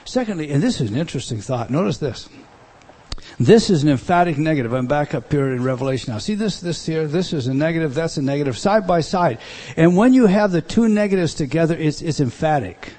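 A man preaches a sermon with emphasis, swinging between loud bursts and quiet asides and posing many rhetorical questions. His voice is fairly high-pitched, and he speaks fast.

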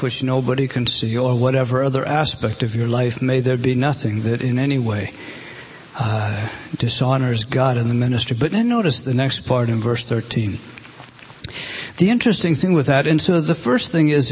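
A man's voice: medium pitch, normal speed, slight background noise. A middle-aged man preaching a sermon as pastor, earnest and exhorting, with frequent restarts.

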